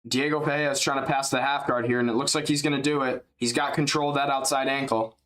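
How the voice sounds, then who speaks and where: Male streamer calling a fight live, loose and chatty, mid-pitched voice, spikes up on big hits. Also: quick pace. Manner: rambling, chatty, jumps up in excitement at big strikes; drowsy and yawning at times. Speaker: livestream fight commentator. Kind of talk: casual live play-by-play commentary.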